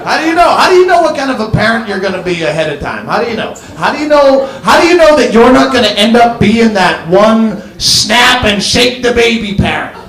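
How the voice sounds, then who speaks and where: A man's voice: sits high, very animated, fairly quick, hardly any pauses, a bit bright, roomy sound. A male stand-up comedian on stage, ranting sardonically and swearing freely into a handheld mic.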